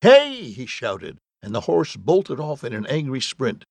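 Man reading as a wry handcuffed guy, sardonic, gravelly, husky, lively pitch. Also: a little slow, no room sound, full character voice. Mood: shouting. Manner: sardonic, exasperated.

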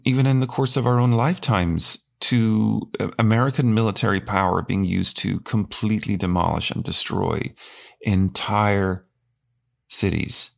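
A man hosting an interview who talks in an animated, halting way, stopping and restarting his sentences. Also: lowish voice, creaky. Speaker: podcast host, professor. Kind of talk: conversational interview.

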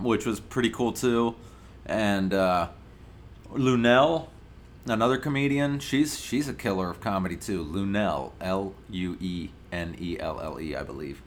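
A man's voice: fairly low pitch, a bit bright. A male podcast host from Ohio, ranting in a brash, profane, mock-indignant way in a casual comedic monologue.

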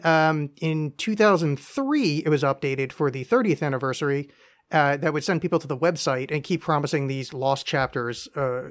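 A man hosting a casual solo podcast, reading aloud in a rambling, self-mocking way with frequent swearing. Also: mid-range voice. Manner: rambling, self-deprecating, profane. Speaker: podcast host.

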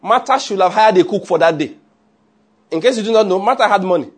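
A man preaching a sermon in an animated way, often checking with his listeners. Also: sits high, fast, breathy edge. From Nigeria. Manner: animated, asks the audience often.

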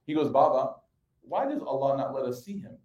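Male preacher, 30s, casual animated storyteller, echoey hall. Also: mid-range voice, a little fast, highs cut off. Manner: conversational, animated storytelling with audience asides. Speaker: religious speaker. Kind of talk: sermon with personal anecdotes. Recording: echoey room.

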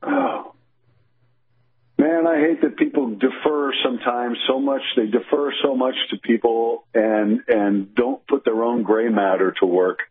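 A man's voice: medium pitch, fairly even intonation, unhurried, husky. A man co-hosting a talk radio show, earnest and agreeing. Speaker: radio co-host. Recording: thin phone-line radio audio.

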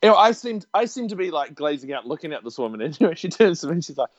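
A man's voice: on the high side, rapid-fire, no room sound, muffled recording. A man, telling stories in a casual chat and laughing often. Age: 30s. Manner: animated, laughing, acts out voices in his stories. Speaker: podcast guest.

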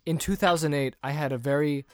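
A man's voice: fairly high pitch, steady tone, a little fast, no echo. A man co-hosting a casual podcast, rambling and restarting his sentences, a little tipsy from beer. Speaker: podcast co-host. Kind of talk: casual chat.

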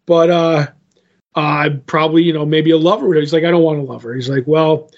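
A man's voice: fairly high pitch, fairly even intonation, a little fast. A man co-hosting a podcast, casually retelling a comic book story in a rambling way and voicing the quotes with "he's like". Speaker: podcast co-host. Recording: dull lo-fi podcast audio.

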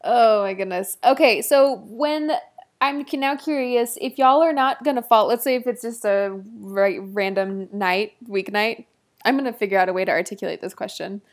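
A woman hosting a podcast interview, upbeat and quick to laugh as she asks questions. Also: medium pitch. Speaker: podcast host. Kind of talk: casual interview.

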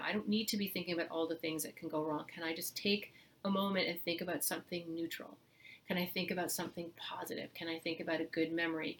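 A middle-aged woman hosting a parenting podcast, giving casual, earnest advice and acting out what parents might say. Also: fairly low pitch. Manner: earnest, animated when acting out parents' words.

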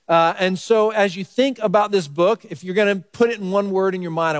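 A pastor preaching a conversational, earnest sermon and speaking directly to the young people in the congregation. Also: male voice, high-pitched, dry recording, studio quality.

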